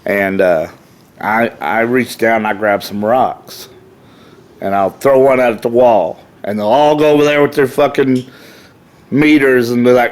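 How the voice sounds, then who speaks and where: A man's voice: mid-range voice, measured pace. This is a middle-aged man, a guest on a podcast who talks in a rowdy, profane way. His voice sits in the middle of a man's range. When he tells a story, he acts out the people in it. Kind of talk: casual storytelling.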